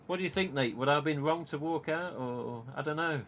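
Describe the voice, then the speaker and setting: A man's voice: fairly high pitch, brisk. Swearing English man in his forties. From England. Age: 40s. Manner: animated, swears a lot, quotes himself. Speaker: host. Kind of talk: casual live-stream chat.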